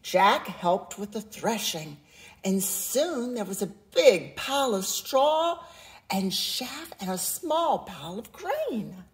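Slow, expressive woman reading a story. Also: medium pitch. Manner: slow, expressive, sing-song. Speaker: children's story reader. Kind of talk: read-aloud storytelling.

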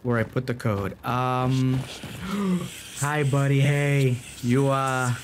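Panicky, pleading gamer man, slow talker. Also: medium pitch, noisy background. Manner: panicky pleading and jokey, talking to himself. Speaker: gaming video creator. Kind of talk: horror game let's play commentary. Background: game music.

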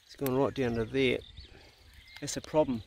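A man's voice: mid-range voice, steady tone, normal speed, vocal fry, a little mellow, slight background noise. A man filming himself on a farm, giving casual hunting commentary, swearing freely and talking to his dog. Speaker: hunting vlogger. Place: outdoors on a farm.

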